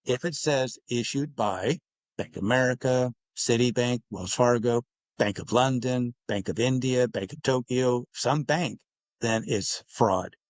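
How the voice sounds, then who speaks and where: Recorded dry, the guest author speaks a little slowly in a medium-pitched voice. Interviewed on a podcast, he goes on at length explaining his points, acting out dialogue in quotes along the way.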